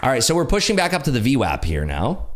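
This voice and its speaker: A man hosting a live day trading stream, excitably calling market moves and chatting with viewers. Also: medium pitch, quick pace, crowd noise, noisy background. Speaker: day trading livestream host.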